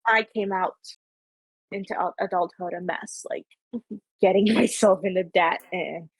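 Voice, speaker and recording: Husky young Canadian woman chatting. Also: medium pitch, fairly even intonation, measured pace, no room sound. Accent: Canadian, Ontario. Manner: rambling, heavy on filler "like". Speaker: podcast host. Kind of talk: casual chat.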